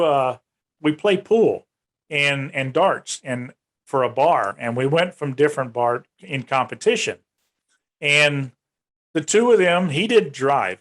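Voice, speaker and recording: A man guest on a podcast interview, telling a long personal story in a casual way and lifting his voice to act out what others said. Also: a bit bright. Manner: retells events in long runs, raising his pitch to act out quoted speech. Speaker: UFO research organization director, guest.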